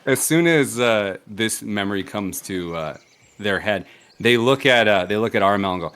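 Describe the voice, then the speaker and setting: A man playing in a tabletop game, talking in an animated, playful way. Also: lowish voice, normal speed, clean tone, dry recording. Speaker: player.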